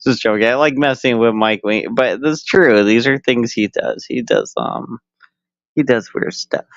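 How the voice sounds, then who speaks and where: Slow, crude rambling male streamer. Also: medium pitch, a bit bright, no room sound. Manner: crude, rambling, laughs often, filler-heavy. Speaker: live streamer. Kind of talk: casual stream chat. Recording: dull lo-fi stream audio.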